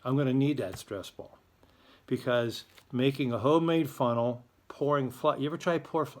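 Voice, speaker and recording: A man's voice: medium pitch, normal speed. A man hosting a school's morning announcements, in a chatty, joking, self-deprecating manner. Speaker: school morning show host.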